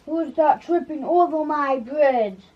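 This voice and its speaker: A woman voicing a big, terrible, hungry male water dragon who makes slow, gruff threats in a puppet show story. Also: high voice, dull audio. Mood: threatening.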